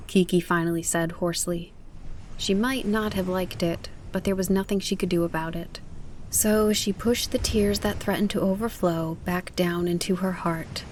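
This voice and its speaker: 児童文学を朗読する女性の語り手。穏やかでやさしい語り口、声はやや低め、かすかなノイズがある。. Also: female voice, fairly low pitch, steady tone, normal speed, a little mellow, slight background noise. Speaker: audiobook narrator. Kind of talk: scripted narration.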